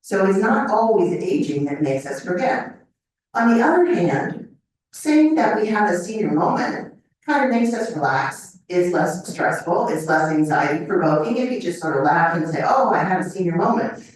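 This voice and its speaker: An older woman with a fairly low voice lectures to a live audience, keeping it conversational and often checking in with "okay?". She sounds set back from the mic, and a strong echo fills the hall around her. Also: very animated, normal speed. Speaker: memory lecturer. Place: lecture room. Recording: echoey hall mic from a distance.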